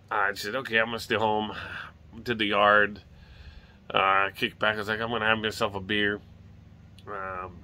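A lowish, pushed, and bright voice belongs to a middle-aged vlogger from Hawaii chatting on his home porch outdoors. He speaks with a light lilt, wanders casually from topic to topic, and swears here and there.

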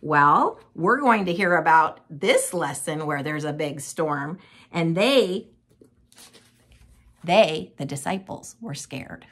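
A woman telling a Bible story to young children in an animated, sing-song manner, like a children's Bible teacher. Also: sits low, slow pace, slightly rough.

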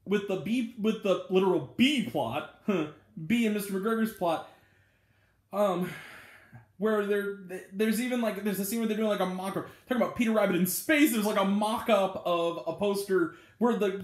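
A man with a notably high voice gives a casual movie review for his own channel. He rambles happily, leaning on filler words and chuckling through the bits he retells. The recording carries a roomy echo.

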